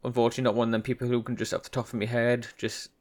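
Man, podcast host, casual solo monologue, medium pitch, rambling, self-mocking, hesitant restarts. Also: monotone, very fast.

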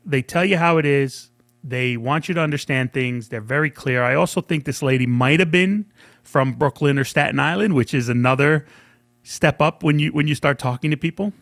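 A man's voice: fairly high pitch, moderate pace, no room sound. Chatty storytelling man, dry close sound. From New York. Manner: animated storyteller, acts out quotes, laughs often. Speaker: podcast co-host. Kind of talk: casual storytelling chat.

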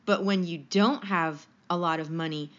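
A woman co-hosting a podcast in relaxed casual chat, halting now and then with fillers. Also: on the low side. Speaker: podcast co-host. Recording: dull lo-fi recording.

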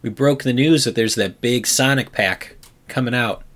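A man chatting casually as the host of a podcast. He jokes and rambles, often restarting his sentences. His pitch sits in an ordinary middle range. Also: moderate pace, a bit bright. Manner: joking, rambling, with frequent restarts and bursts of laughter. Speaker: podcast host reading the news segment. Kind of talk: casual chat.

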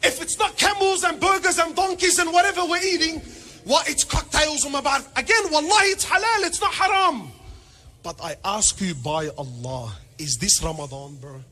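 A man preaching a sermon, animated and joking, firing rhetorical questions and mixing in Arabic phrases. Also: very high voice, normal speed, soft background music. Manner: peppers speech with Arabic phrases. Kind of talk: sermon to a congregation.

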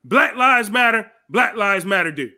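Male podcast host, very high bright voice, angry shouting political commentary. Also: animated, normal speed. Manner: angry, shouting, profane ranting.

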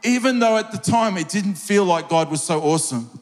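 A man's voice: high-pitched, lively intonation, a little fast. A middle-aged man, a pastor, preaching a sermon with an earnest, personal storytelling manner that builds into fervent prayer. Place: large church hall. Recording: long hall reverb.

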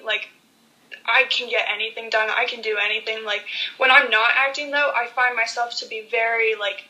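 Young woman actress as podcast guest; earnest and gushing, slightly high, bright voice. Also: poor audio. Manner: earnest, enthusiastic, many "like" fillers. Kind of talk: podcast interview.

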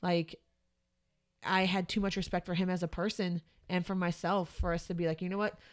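A woman's voice: lowish voice, flat delivery, a little fast. A woman in her thirties co-hosting a podcast, talking frankly and emphatically in casual chat, laughing often. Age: 30s. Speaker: podcast co-host.

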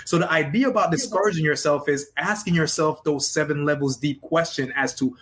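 A man's voice: a little high, fairly quick, fairly bright tone. A man who works as a life and business coach, a guest on an interview podcast, speaking in an earnest, emphatic, motivational way. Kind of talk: interview conversation.

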